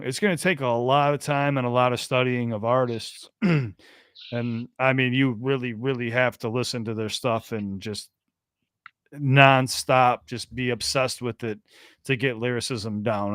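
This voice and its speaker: A man's voice: mid-range voice, unhurried, a bit bright, smooth, no room sound, clean studio sound. Chatty American man hosting a podcast. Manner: chatty, repeats himself and restarts phrases. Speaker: podcast host taking calls. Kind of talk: casual call-in chat.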